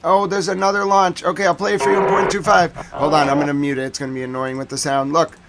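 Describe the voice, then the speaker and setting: A man giving excitable live commentary on footage as a streamer, slangy and repetitive, swinging between hushed and loud. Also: fairly high pitch, quick pace, gravelly, very noisy. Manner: slangy, repeats phrases.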